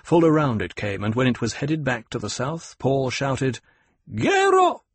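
Casting note: male audiobook narrator, husky tone, dry close recording. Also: mid-range voice, normal speed, no echo. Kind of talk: scripted narration.

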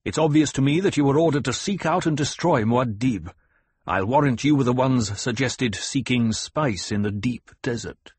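A man's voice: mid-range voice, normal speed, husky, no room sound, pitched above the performer's own voice, natural voice. A man reading an audiobook, voicing a young duke who barks commands at armed fighters. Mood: stern. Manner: commanding, shouting orders. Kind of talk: audiobook character voice.

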